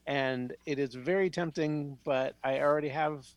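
A man's voice: fairly high pitch, normal speed, no echo. Easygoing man reading listener mail. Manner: easygoing, stumbles and laughs while reading. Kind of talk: casual podcast chat.

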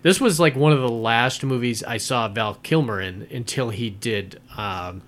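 A man's voice: medium pitch, measured pace, a bit bright, a little hiss or hum. A man in casual podcast chat, retelling film scenes in a rambling way with many fillers and laughs.

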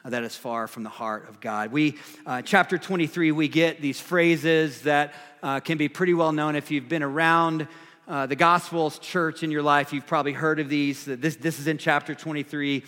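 A male pastor with a slightly high voice, talking a sermon through in a relaxed, conversational way with plenty of fillers and restarts. His voice rings with a long reverb, as if in a large hall. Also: moderate pace. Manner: casual, conversational, frequent fillers and repeated phrases. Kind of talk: sermon teaching through scripture.

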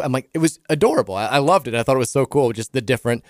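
A man in his thirties with a Kentucky accent, hosting a casual sports radio talk show, chatty and quick with frequent restarts. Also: medium pitch, animated, no echo, clean studio sound.

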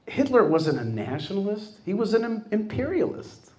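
Male host, fairly high voice, animated delivery, jokes with a live crowd in a hall. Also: moderate pace, hardly any pauses. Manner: animated, jokes with the audience and acts out quoted voices. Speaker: host giving a talk to a live audience. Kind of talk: lively public talk.

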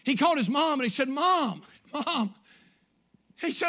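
A male pastor preaching a fervent revival sermon in church, climbing to shouted bursts and then dropping low and quiet, acting out pleading prayers. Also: expressive, normal speed. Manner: acts out prayers and quotes in a pleading voice.

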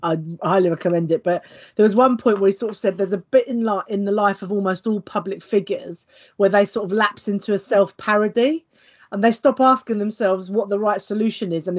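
A woman with a mid-pitched voice talks football on a casual podcast in an articulate, chatty way. She lays out her points fluently. The recording is a little dull and lo-fi. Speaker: podcast co-host. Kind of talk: casual chat.

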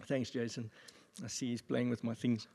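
A man pastor giving a sermon at a church service, with jokey, animated asides. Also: medium pitch, moderate pace, creaky, slightly rough. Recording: long reverb of a church hall.

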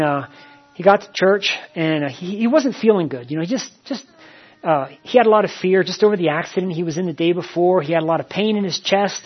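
Man preacher, husky tone, dull lo-fi recording, chatty storytelling delivery. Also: high voice. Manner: plain conversational storytelling with many fillers and repeats. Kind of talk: sermon.

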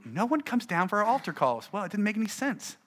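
A middle-aged man, a pastor, gives an animated, conversational talk to fellow preachers and acts out his stories. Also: high voice, fast.

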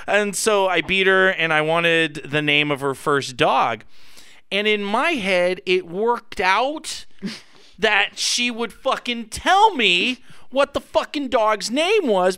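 A man's voice: sits high, bright, forceful tone, clean tone, no room sound, clean studio sound. A man hosting a casual live talk show, telling a candid story with plenty of swearing and laughter. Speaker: host.

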